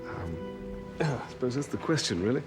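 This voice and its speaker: An actor playing a mentor in a TV drama who speaks in halting, hesitant phrases. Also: male voice, medium pitch, sing-song, over music, natural voice.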